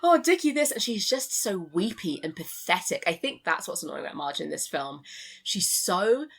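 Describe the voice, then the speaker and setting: Bright, animated woman host. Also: fairly low pitch, moderate pace, slightly rough. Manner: animated, laughs often, acts out quotes. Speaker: podcast host. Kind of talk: casual chat.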